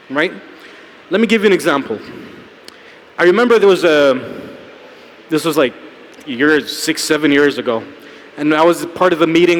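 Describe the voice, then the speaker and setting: A man's voice: on the high side, fairly bright tone. Man giving a keynote in a reverberant hall. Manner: conversational storytelling, frequent "right?" and "um". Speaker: keynote speaker. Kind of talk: conference keynote talk. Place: large conference hall.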